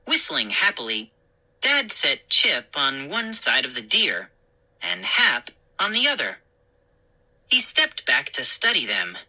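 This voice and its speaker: A woman reading a children's story aloud in an expressive, unhurried way. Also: low voice, rough recording.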